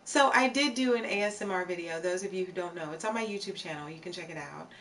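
A woman's voice: fairly low pitch, quick pace, fairly bright tone, distant mic, a little hiss or hum. Giggly woman chatting on a live stream. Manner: playful, giggly, reads chat aloud; repeats phrases for emphasis. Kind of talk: casual live-stream chat with viewers.

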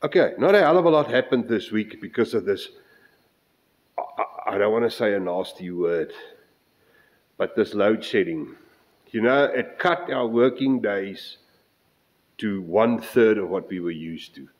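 A South African man in middle age talks through a casual workshop update at an unhurried, slow pace. His voice sits low, and he rambles, restarting phrases and reeling off measurements as he goes. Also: animated, rough recording. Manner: rambling, self-interrupting, counts out measurements. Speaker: model railway builder.

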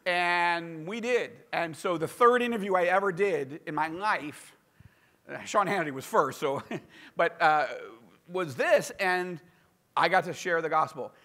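American man, author, casual storytelling, self-deprecating, high-pitched. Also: a little slow. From United States. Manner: animated, self-deprecating, acts out quotes. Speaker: author and podcast guest.

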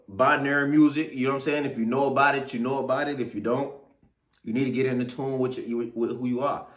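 A man's voice: medium pitch, fairly bright tone. A man telling a casual story-time tale in a slangy, rambling way, often checking in with the listener. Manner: slangy, rambling, keeps asking "you feel me". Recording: roomy echo.

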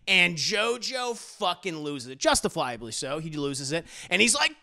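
A man casually recapping a TV episode, animated and profane, acting out the scenes as he goes. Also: sits high, unhurried, hardly any pauses, shouting. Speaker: TV reviewer.

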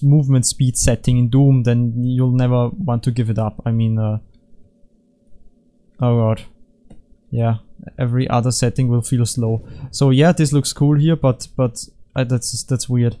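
A young man talks through custom game levels in a loose, rambling way, cracking jokes and restarting his sentences. His voice sits at an average pitch with a dark, mellow tone. He drifts between comments, half-finished thoughts and playful asides. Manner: rambling, jokey, self-correcting, puts on silly voices. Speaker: gaming YouTuber. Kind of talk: casual gameplay commentary.

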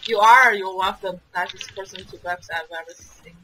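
A woman's voice: medium pitch, brisk, bright, forceful tone, slight background noise, rough recording. A woman chatting with friends while gaming, giving short teasing replies. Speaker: gamer on voice chat. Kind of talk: casual chat while gaming.

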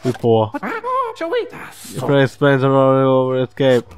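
A man's voice: medium pitch, flat delivery, measured pace, a little mellow. Chatty, swearing man playing a game. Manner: chatty, swearing, reads game text aloud, laughs often. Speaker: gaming channel host. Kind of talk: casual let's-play commentary.

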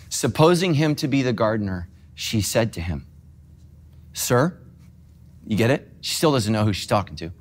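A middle-aged man preaching as pastor, moving between quiet, heartfelt moments and self-deprecating humor. His delivery is conversational rather than formal, with an emotional pull. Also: mid-range voice. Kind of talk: sermon.

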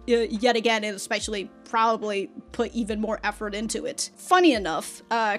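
A woman's voice: on the high side, a bit bright. A woman hosting a reaction video, talking casually and animatedly about a cartoon episode, laughing often and swearing freely. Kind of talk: casual commentary.

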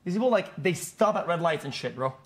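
A man's voice: a little high, expressive, a little fast. A man streaming live, ranting at his chat in a blunt, mocking way, swearing freely and restarting his sentences often. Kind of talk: casual rant to chat.

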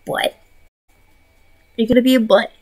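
A woman's voice: a little high, flat delivery, normal speed, a little mellow. A young woman streaming a casual chat, talking baby talk to her pets and cursing offhandedly.

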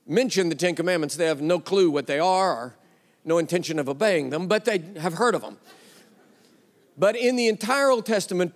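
A man preaching a sermon, telling a story with quoted dialogue and an emphatic delivery. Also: high-pitched. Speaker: pastor. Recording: long reverb of a large hall.

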